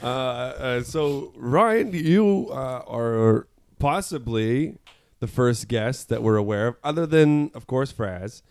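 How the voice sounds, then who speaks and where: A man's voice: mid-range voice, animated, slow, darkish tone, clean tone. A man hosting a comedy podcast, joking and laughing often in casual chat. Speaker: podcast host.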